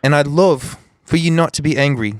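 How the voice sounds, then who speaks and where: Brief: man doing an impatient young British student shopper, raised pitch, put-on accent, dry sound. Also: dry recording, natural voice. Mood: pushy. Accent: put-on British slipping into Australian. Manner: brisk, impatient.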